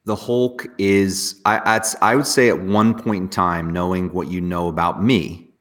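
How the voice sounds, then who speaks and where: A man, an entrepreneur guest talking with hyper, fast energy in an interview. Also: low voice. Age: 40s. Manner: energetic, hyper, talks fast with bursts of excitement. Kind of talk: interview conversation.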